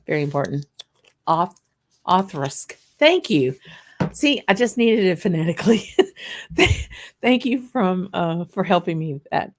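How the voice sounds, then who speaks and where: Woman, low voice, chatty livestream host, rambling, laughs often. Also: animated, unhurried, long pauses. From Louisiana, USA. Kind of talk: casual live tasting chat.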